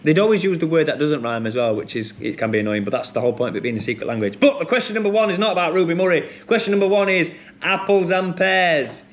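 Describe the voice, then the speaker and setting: A man hosting a pub quiz, chatty and rambling with many ums and restarts, who reads each question and then repeats it slowly. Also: on the high side, sing-song. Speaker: quiz host.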